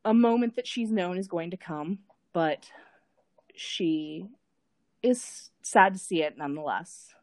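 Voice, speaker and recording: A woman narrating a tabletop role-playing scene as game master, unhurried, thinking aloud with frequent fillers and repeated words. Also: fairly low pitch, darkish tone, dry recording.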